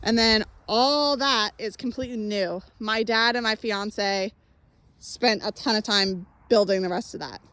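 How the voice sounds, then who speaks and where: A woman's voice: a little slow, a bit bright. A young woman giving a casual walking tour of her farm, chatty and upbeat, a little out of breath, filmed on a handheld phone. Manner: chatty, upbeat, calls animals in a high voice. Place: outdoors on a farm and in a barn. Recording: faint outdoor background noise.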